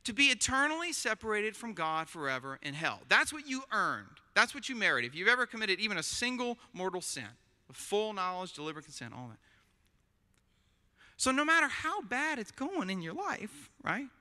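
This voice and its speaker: A man's voice: high voice, big pitch swings, moderate pace, bright, forceful tone. A man preaching a sermon in a conversational, joking way, often checking in with his listeners by asking "right?". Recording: long hall reverb.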